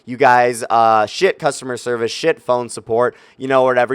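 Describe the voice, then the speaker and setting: A man's voice: medium pitch, expressive, normal speed, few pauses, clean tone, no echo. A young man telling a story in a casual, profane, exasperated rant, talking directly to his viewers. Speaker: YouTube gaming creator.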